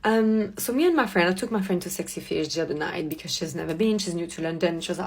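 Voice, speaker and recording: A woman telling a story to her viewers in a blunt, profane, animated rant. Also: lowish voice, fast, vocal fry, few pauses, slightly rough. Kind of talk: casual ranting storytime.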